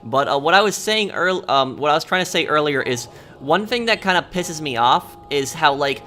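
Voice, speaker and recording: A man's voice: a little high, lively intonation, moderate pace, pushed and bright, faint music behind. A man streaming a game, talking casually in a rambling rant full of fillers. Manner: rambling, filler-heavy ranting. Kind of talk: casual livestream chat.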